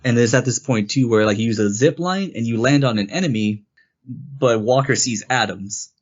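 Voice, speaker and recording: A man's voice: mid-range voice, moderate pace, muffled recording. A man co-hosting a casual game review podcast, rambling through the story and acting out quoted lines. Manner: rambling, animated retelling with quoted character lines. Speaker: podcast co-host.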